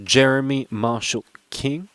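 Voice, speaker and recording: With a smooth, fairly bright, mid-range voice, this young man talks unhurriedly while opening trading cards. He rambles and pokes fun at himself in a dry recording.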